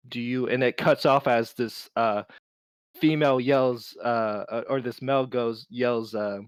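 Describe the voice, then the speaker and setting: Man, game master, tabletop game narration, halting delivery, dry recording. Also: medium pitch, no room sound. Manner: halting, many fillers and restarts.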